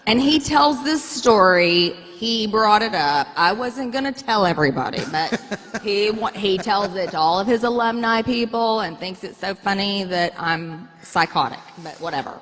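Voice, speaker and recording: A woman's voice: mid-range voice, moderate pace. A middle-aged woman telling candid, self-mocking stories as a guest in an onstage interview. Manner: blunt, self-mocking, animated storytelling. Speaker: guest speaker. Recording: long hall reverb.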